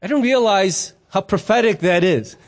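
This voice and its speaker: High-voiced man preaching conversationally. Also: animated, normal speed. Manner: conversational storytelling with playful asides. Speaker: pastor. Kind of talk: sermon.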